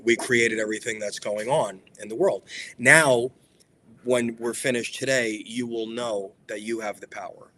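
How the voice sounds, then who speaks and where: A man's voice: lowish voice, a bit bright, a little hiss or hum. A man hosting a motivational spiritual talk, emphatic and repetitive in a preacherly way. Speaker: spiritual speaker and show host.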